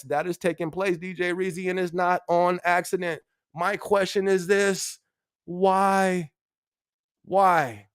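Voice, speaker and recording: A man's voice: on the high side, no room sound, studio quality. A man hosting a casual live-stream podcast, chatting in slang, laughing often and repeating his phrases. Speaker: livestream podcast host.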